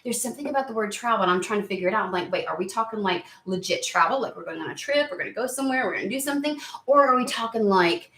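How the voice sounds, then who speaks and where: A woman chatting excitedly and rambling on tangents during a spiritual card reading video. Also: on the high side, very fast, few pauses, slight background noise. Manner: excitable, rambling, lots of exclamations. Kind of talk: casual chatty reading vlog. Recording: roomy echo.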